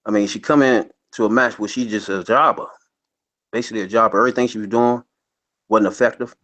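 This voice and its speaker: A man's voice: on the low side, steady tone, fast, fairly bright tone. A man co-hosting a podcast in casual chat, laid-back, slangy and amused. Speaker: podcast co-host. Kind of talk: casual wrestling review chat.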